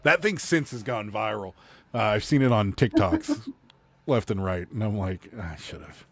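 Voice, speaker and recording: A man's voice: fairly low pitch, big pitch swings, a little slow, a bit bright, no room sound. A man hosting a casual reseller livestream, rambling through stories and laughing often. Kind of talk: casual chat.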